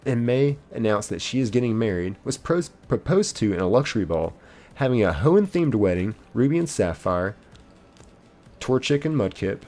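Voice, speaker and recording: A man's voice: on the low side, sing-song, moderate pace, a little mellow, soft background music. A man streaming a game live, chatting casually and reading viewer comments aloud.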